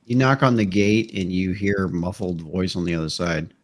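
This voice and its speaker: A man serving as game master, narrating a tabletop game in a relaxed, plain-spoken way. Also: sits low, normal speed.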